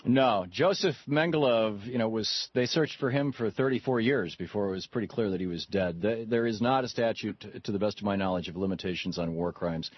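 A male talk radio host with a husky, somewhat low voice that rambles through his stories, restarting his sentences as he goes. The sound is dry and a little dull, with no room around it. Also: fairly quick, hardly any pauses, no echo. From Michigan, USA. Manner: rambling, storytelling with frequent restarts.

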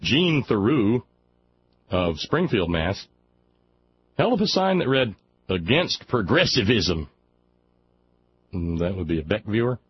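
A man's voice: fairly low pitch, very animated, takes it slowly, pauses often, lo-fi sound, a little hiss or hum. A man from Alabama hosting a talk radio show, reading a news story aloud and breaking off into mocking, sarcastic asides. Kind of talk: sardonic commentary on a news story.

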